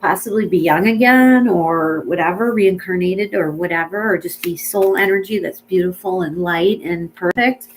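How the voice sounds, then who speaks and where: A woman giving a pet mediumship reading in a casual, emotional way, often tearful, with many fillers and gentle reassurance. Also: fairly low pitch, normal speed, few pauses, a little hiss or hum, poor audio. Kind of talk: casual spoken reading to a client.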